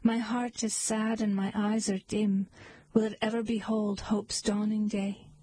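A woman voicing a sad young maiden who laments her absent love in a soft, murmuring voice. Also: mid-range voice, level tone, measured pace, slightly rough. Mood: mournful.

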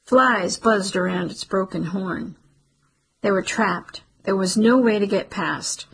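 Woman, audiobook narration, steady and measured, very husky, gravelly. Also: medium pitch, poor audio. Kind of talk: scripted narration.

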